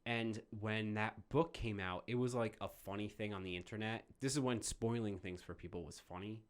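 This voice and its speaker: A man's voice: on the low side, moderate pace, smooth. A man co-hosting a podcast, casually telling a story with lots of "like" fillers. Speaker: podcast co-host. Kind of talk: casual chat.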